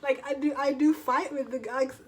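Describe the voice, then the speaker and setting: A woman's voice: sits high, fairly even intonation, a little fast, noisy background. A woman vlogger in a casual storytelling monologue, chatty, full of filler words and casual swearing.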